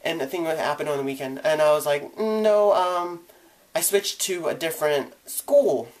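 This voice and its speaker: A young man telling his own coming-out story in a vlog, candid and casual, acting out the people he quotes with sudden jumps in pitch and volume. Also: normal speed. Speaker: vlogger.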